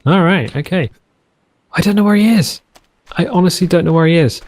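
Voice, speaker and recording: A man's voice: high voice, brisk, darkish tone, no room sound. Chatty man rambling over gameplay. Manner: rambling, chatty, musing aloud while playing. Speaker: gaming channel host. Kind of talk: let's play commentary.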